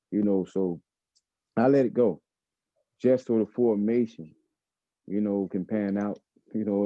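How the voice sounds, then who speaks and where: American man, lowish voice, emphatic storyteller, repeats himself, dull dry lo-fi recording. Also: no echo. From United States. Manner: emphatic, repeats phrases, acts out quoted dialogue. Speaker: guest. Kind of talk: animated first-person storytelling.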